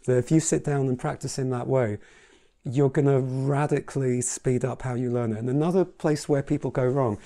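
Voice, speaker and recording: A man's voice: medium pitch, steady tone, moderate pace, warm tone. A man teaching piano in a casual tutorial, chatty and reassuring as he demonstrates at the keyboard. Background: piano playing.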